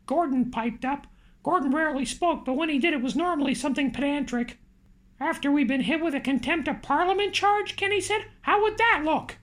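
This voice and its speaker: A man's voice: very high-pitched, fairly bright tone, pitched above the performer's own voice. A man putting on the voice of a chatty male rooster puppet to narrate an audiobook, with the story's dialogue read in that same put-on voice.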